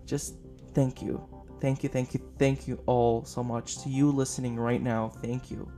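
Man, podcast host, casual film review, rambling, tired from little sleep, mellow tone, faint guitar behind. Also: medium pitch, level tone, unhurried. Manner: rambling and gushing, with many fillers. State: short on sleep, up late.

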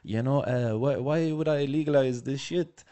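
Man imitating a dismissive French minister, put-on French accent, blunt, scornful, raised pitch. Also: normal speed, dark tone, lightly acted.

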